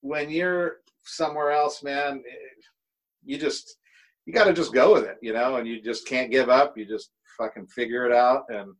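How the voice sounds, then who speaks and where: A man's voice: mid-range voice, fairly even intonation, moderate pace, rough recording. A middle-aged man, a guest drummer from the United States, telling road stories in a laid-back, rambling way and swearing freely. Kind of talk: casual storytelling.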